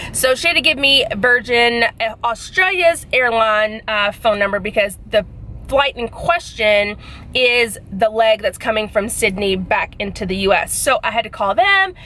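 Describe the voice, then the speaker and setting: Animated high-voiced woman vlogger. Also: a little hiss or hum. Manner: animated, indignant retelling with quick bursts. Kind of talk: casual vlog storytelling.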